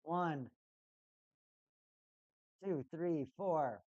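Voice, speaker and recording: A woman's voice: low-pitched, extremely slow, warm tone, no room sound, highs cut off. Chatty woman calling a hockey game. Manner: chatty, exasperated fan commentary. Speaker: streamer doing live hockey commentary. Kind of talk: casual live-stream play-by-play.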